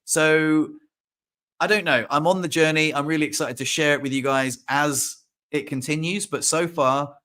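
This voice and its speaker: A man co-hosting a casual chat, telling stories in an animated way and acting out his own panic. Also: on the high side, normal speed. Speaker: co-host.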